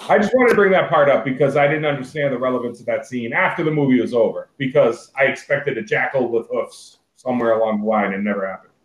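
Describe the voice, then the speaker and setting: A man co-hosting a casual movie podcast, relaxed, swearing casually and filling his talk with "like". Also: mid-range voice, quick pace, few pauses, reverberant, low-quality recording. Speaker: podcast co-host. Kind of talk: casual movie review chat.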